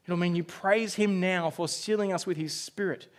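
A male pastor preaching a sermon, telling a story with dramatic swings from loud outbursts to hushed, quiet lines. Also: high-pitched, fairly even intonation, moderate pace.

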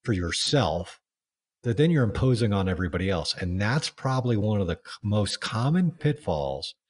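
Low-voiced man hosting a podcast. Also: moderate pace. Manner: relaxed, conversational, reflective with fillers. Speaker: podcast host and leadership coach. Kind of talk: casual podcast conversation.

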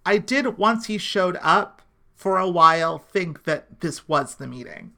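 A woman's voice: on the low side, expressive, measured pace, gravelly, pushed and bright. Young woman, chatty, full of fillers. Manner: filler-heavy, lots of "like", agreeing. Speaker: podcast co-host. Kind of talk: casual chat recapping a TV episode.

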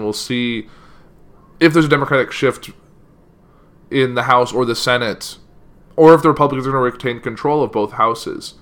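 A man's voice: mid-range voice, fairly bright tone. Young man reading news and commenting. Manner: casual, frequent "like" fillers when giving opinions. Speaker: political commentary vlogger. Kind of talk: reading a news article aloud, then casual opinion commentary.

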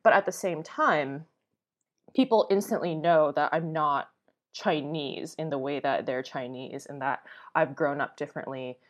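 A young woman, a travel blogger, chatting casually as a podcast guest, full of fillers and quick to laugh. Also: deep voice, muffled recording. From United States. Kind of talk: casual conversation.

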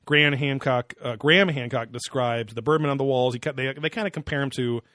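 A man's voice: mid-range voice, steady tone, brisk, fairly bright tone, dry recording, clean studio sound. A young man co-hosting a podcast in casual chat, sarcastic and rambling with lots of fillers and swearing. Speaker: podcast co-host.

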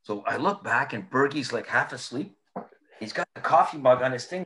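A man with a bright, forceful voice spins casual stories as an interview guest. He is animated and laughs often as he talks. His pitch sits in an everyday middle range. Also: normal speed. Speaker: interview guest, former player. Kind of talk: casual storytelling.

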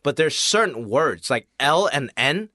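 A man, an actor, in a casual podcast chat, telling stories in an animated way and trailing off into quiet asides. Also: a little high, a little slow, no echo, clean studio sound.

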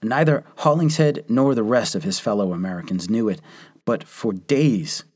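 A man narrating a history story in a measured, scripted way, lifting his voice for quoted lines. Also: fairly low pitch, expressive, darkish tone, breathy edge.

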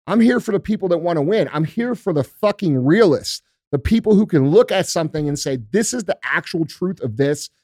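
A man's voice: a little high, expressive, brisk, few pauses, a little mellow, no room sound, studio quality. A male podcast host giving a blunt, profane motivational talk in a casual, emphatic way.

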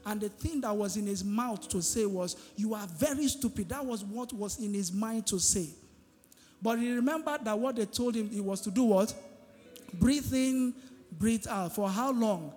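A pastor preaches in a fairly high voice that carries through a reverberant church hall. He keeps pulling the congregation in with questions and pauses for their answers. Soft music sits quietly behind him. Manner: call-and-response preaching, asking the congregation "what?". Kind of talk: sermon.

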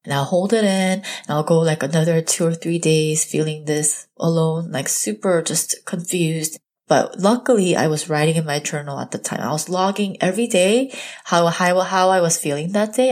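Young mom vlogger, pretty low voice, chatty and open, lots of "like". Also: female voice. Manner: candid, confiding, lots of "like" and "you know". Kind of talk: personal storytime to camera.

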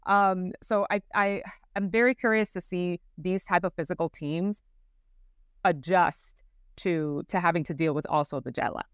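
A woman co-hosts a sports podcast in casual, animated chat. She laughs often and leans on fillers. Her voice is smooth and a little low, in a dry, close recording. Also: normal speed, no room sound. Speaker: podcast co-host. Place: traveling abroad.

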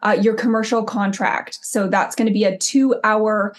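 A woman chatting casually on a podcast, relaxed, with fillers. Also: medium pitch, moderate pace. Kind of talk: casual chat.

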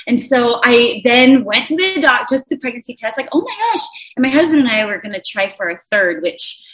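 A woman's voice: a little high, lively intonation, a little fast, a bit bright. A woman in her thirties, a stage actress, chatting as a guest and acting out the voices in her stories. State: sleep-deprived. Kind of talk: casual chat.

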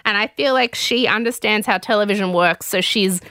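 A woman hosting a podcast, telling a gossipy, animated recap in casual chat. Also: medium pitch, normal speed, clear, resonant tone, no room sound, clean studio sound.

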